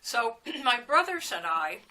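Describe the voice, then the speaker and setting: A woman's voice: fairly high pitch, sing-song, a little slow, sharp tone, low-quality recording. An older woman being interviewed, telling chatty stories that wander from one memory to the next. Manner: chatty storyteller who wanders between anecdotes, with fillers and laughs. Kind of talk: oral history reminiscing.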